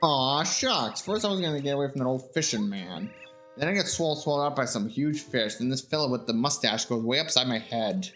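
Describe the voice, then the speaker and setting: A man's voice: medium pitch, lively intonation, a little fast, a bit bright, close to an everyday voice. Guy doing a grumpy hick bug, drawly and snappy, game music faint. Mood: grumbling. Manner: folksy country drawl, grumbling. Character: cranky folksy male bug, short-tempered.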